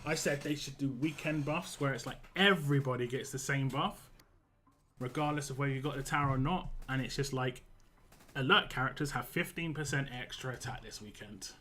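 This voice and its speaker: A man's voice: mid-range voice, bright, forceful tone. Chatty West London man streaming a game. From England. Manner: chatty and rambling, answers chat as he plays. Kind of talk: casual livestream chat while playing.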